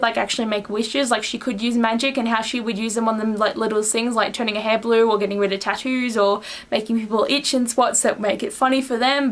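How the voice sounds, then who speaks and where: A young woman excitedly reviewing a book in a casual vlog, talking fast and breathlessly with lots of fillers. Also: a little high.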